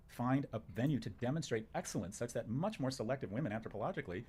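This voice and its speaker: Rapid-fire, emphatic male talk-show guest. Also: medium pitch, animated, darkish tone, husky. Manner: emphatic, punchy declarations. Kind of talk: opinionated conversation.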